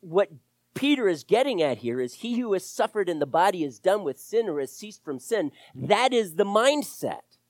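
A man preaching a sermon to his church, animated, with sharp rises and drops in loudness. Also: high-pitched, normal speed, no echo. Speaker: pastor.

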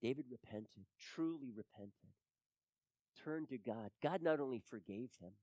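A pastor preaching a sermon, swinging between loud urging and hushed, near-whispered passages. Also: medium pitch, no room sound, poor audio.

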